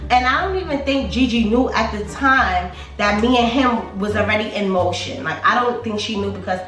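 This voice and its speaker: At medium pitch and a moderate pace, a young woman chattily recounts a storytime vlog, animatedly quoting her friends and using lots of fillers. The room echoes, her voice is a bit off-mic and distant, and faint music plays.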